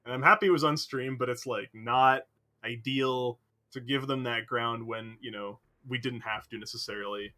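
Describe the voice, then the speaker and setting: A man's voice: mid-range voice, fairly even intonation, moderate pace, bright, forceful tone. A man, an esports player, talking animatedly in a post-match interview, rambling with lots of fillers.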